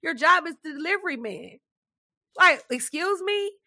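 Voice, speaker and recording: A young adult woman co-hosting a podcast, telling a story as a casual rant, animated, loud and dramatic, laughing often. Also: extremely high pitch, moderate pace. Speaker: podcast co-host.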